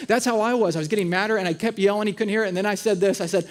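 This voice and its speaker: A man's voice: sits high, racing. A man in his thirties preaching a conversational sermon, telling funny family stories and acting out voices. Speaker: pastor. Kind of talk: sermon with storytelling. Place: church auditorium.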